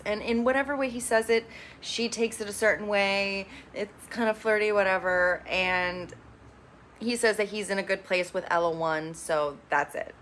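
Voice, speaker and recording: Recapping a reality show in a relaxed way, a woman adds sassy opinions and brief impressions of what people said. Her voice is medium-pitched with a fairly bright tone.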